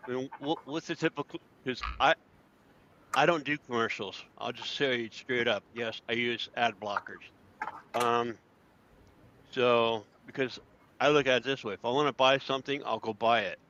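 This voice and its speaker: A man's voice: mid-range voice, steady tone, normal speed, sharp tone. A man co-hosting a casual podcast, rambling and trailing off with lots of ums. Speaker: podcast co-host. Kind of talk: casual chat. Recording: dull lo-fi sound.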